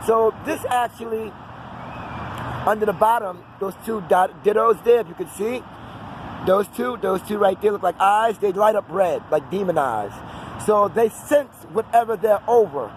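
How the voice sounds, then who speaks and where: A man's voice: high-pitched, moderate pace, low-quality recording. A man, rambling on in an unscripted outdoor vlog and drifting off into fillers. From New York City. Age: 40s. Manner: digressive, talkative, trails off into fillers. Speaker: vlogger. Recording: outdoor street noise and traffic.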